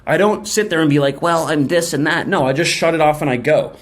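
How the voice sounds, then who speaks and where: A young man talks straight to his viewers in a casual, slangy motivational style. His voice sits a little high and he keeps the energy up. He often slips into quick imagined back-and-forth exchanges to make his point. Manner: energetic, slangy, acts out quick mock dialogues. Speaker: self-help video host. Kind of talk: casual motivational talk to camera.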